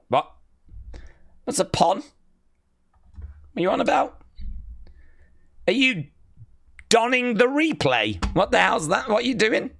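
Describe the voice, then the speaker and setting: A man's voice: fairly high pitch, vocal fry, a bit bright, no echo, studio quality. A British man hosting a live stream, reading out viewer comments and bantering with them in a teasing, mock-outraged way. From Britain. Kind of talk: casual watch-along chat reading viewer comments.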